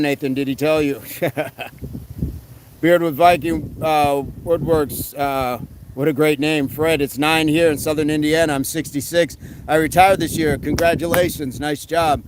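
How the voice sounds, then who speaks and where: A man hosting a casual live stream, reading comments aloud and giving quick fitness tips in a relaxed way. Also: on the high side, noisy background. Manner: relaxed, answers chat questions with quick tips.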